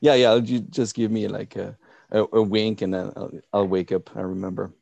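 Guy hosting a podcast, husky breathy voice, playful chatty way of talking. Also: on the low side, level tone, moderate pace, darkish tone, no echo, muffled recording. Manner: chatty, playful, laughs often. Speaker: podcast host. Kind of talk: casual interview chat.

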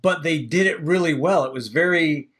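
Male podcast co-host, husky and a bit high, lively and chatty. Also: normal speed. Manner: animated, laughs and acts out quoted voices. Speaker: podcast co-host reviewing films. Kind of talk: casual chat.

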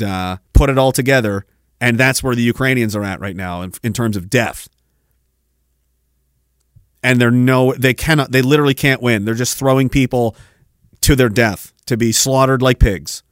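A man's voice: mid-range voice, fairly bright tone, no room sound, studio quality. Heated, profane man hosting a rant. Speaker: podcast host. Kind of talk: ranting political commentary.

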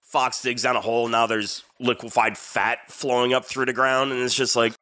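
A man's voice: mid-range voice, level tone, moderate pace, pushed and bright. A man co-hosting a podcast in casual chat, telling stories in a matter-of-fact way. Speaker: podcast co-host.

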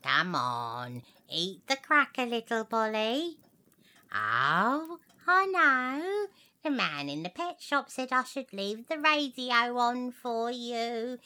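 A woman's voice: on the high side, very animated, slow pace, bright, forceful tone, heavily acted. A woman playing a doting, fussy old lady pet owner in a comedy radio sketch, talking in cooing, sing-song baby talk.

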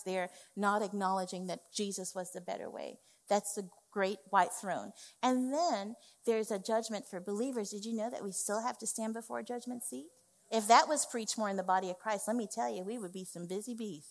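Woman pastor preaching in a reverberant hall. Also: fairly high pitch. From West Indies family. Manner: emphatic, conversational preaching with frequent "okay". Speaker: executive pastor. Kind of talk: sermon. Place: church sanctuary.

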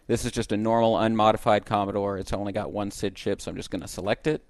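A man's voice: lowish voice, steady tone, fast, hardly any pauses, no room sound. A man hosting a podcast, casually explaining old computer music tech step by step with enthusiasm. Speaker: podcast host. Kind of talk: casual podcast chat and demo.

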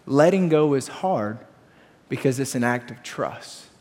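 A man preaching a sermon as pastor, energetic and telling stories with voiced quotes. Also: mid-range voice, unhurried, in a large hall. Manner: energetic, storytelling with acted quotes.

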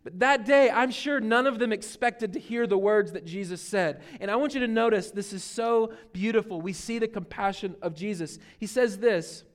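A pastor preaching a sermon, earnest and emphatic, dropping to a hush for key points. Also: male voice, sits high, moderate pace, hardly any pauses. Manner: earnest preaching, swinging between emphatic and hushed. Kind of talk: sermon on a Bible passage.

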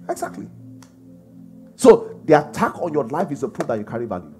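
A man's voice: a little high, very animated, fairly quick, long pauses, dark tone, soft background music. A man preaching a sermon, emphatic and full of rhetorical questions. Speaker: pastor.

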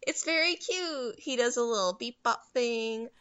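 Woman, casual recap co-host, lively quoting, dull-toned dry recording. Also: a little high, smooth, dry recording. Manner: animated retelling with quick character quotes. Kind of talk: casual chat recapping a movie.

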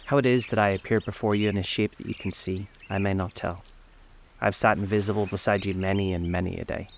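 A man's voice: sits low, steady tone, quick pace, a little hiss or hum. A man voicing the chained ghost of an old businessman, speaking in a solemn, grave, lamenting way.

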